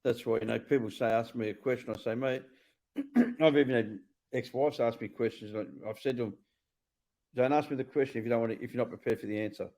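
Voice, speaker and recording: A middle-aged Australian man with an ordinary mid-range voice rattles along at a fast clip. He is blunt and profane, and he speaks his mind in casual conversation. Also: mid-range voice, fairly even intonation, warm tone. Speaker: former prisoner sharing his story.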